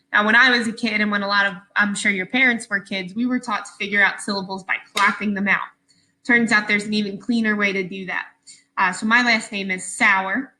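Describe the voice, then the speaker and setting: A woman teaching a phonics lesson for small children, speaking slowly and patiently and sounding out each word with care. Her voice has a bright, clear ring, and her pitch sits at a middle height for a woman. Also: poor audio.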